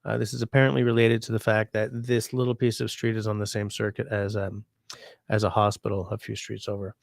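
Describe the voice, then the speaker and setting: A man's voice: on the low side, little pitch movement, brisk, vocal fry, no echo, clean studio sound. A sick man hosting a livestream from home, chatting casually and reading viewer comments aloud in a rambling, easygoing way. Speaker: livestream host.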